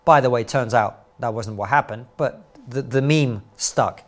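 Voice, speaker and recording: A middle-aged man, a comedian and commentator talking as a podcast guest, an animated storyteller full of quick asides and rhetorical questions. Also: mid-range voice. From Soviet Union, raised later in Britain. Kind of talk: podcast interview.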